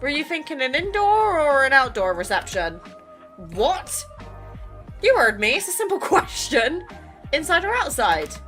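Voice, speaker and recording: A woman's voice: high voice, very animated, unhurried, fairly bright tone, faint music behind, pitched above the performer's own voice, full character voice. A woman reading the lines of a bold, playful young heroine in a romance game, teasing and pressing with questions.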